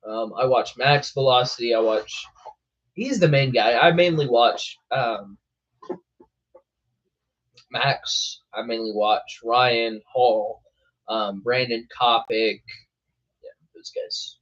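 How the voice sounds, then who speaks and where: A man's voice: medium pitch, takes it slowly, pauses often, fairly bright tone, lo-fi sound. A young man hosting a weather show, chatting casually on a live stream, laughing often and calling people bro. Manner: laid-back, laughing, says bro a lot.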